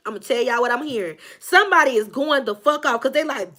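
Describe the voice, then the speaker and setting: High bright-voiced woman doing a loud, cussing tarot reading. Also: quick pace, hardly any pauses. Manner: brash, profane, animated, acts out the people she reads about. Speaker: tarot reader. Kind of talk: casual tarot reading monologue.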